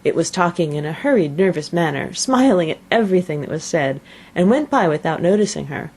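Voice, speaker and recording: A woman reads a children's classic aloud as an audiobook narrator. Her voice sits low but moves a lot, rising and falling with the story. The reading is expressive and measured. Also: slightly rough.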